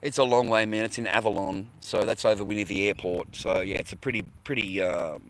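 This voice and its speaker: A man's voice: fairly low pitch, fairly even intonation, a little fast, a little hiss or hum, rough recording. An Australian man rambling casually to his viewers, swearing freely and full of slang. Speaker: livestreamer chatting with viewers.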